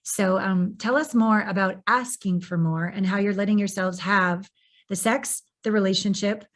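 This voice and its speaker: A woman's voice: mid-range voice, steady tone, moderate pace. A woman hosting a podcast interview, talking in an effusive, searching way as she shares and asks questions. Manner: effusive and searching, full of "like" and restarts. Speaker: podcast host. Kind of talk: casual interview conversation.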